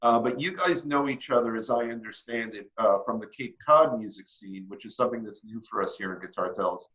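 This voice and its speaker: A man's voice: medium pitch, a little fast, fairly bright tone. A man hosting a casual interview, rambling and stammering, cracking jokes as he goes. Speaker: host. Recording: dull lo-fi recording.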